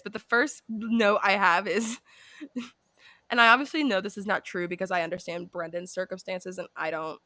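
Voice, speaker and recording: A woman co-hosting a podcast in casual chat, animated and sweary, often mimicking people. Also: mid-range voice, no room sound. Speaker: podcast co-host.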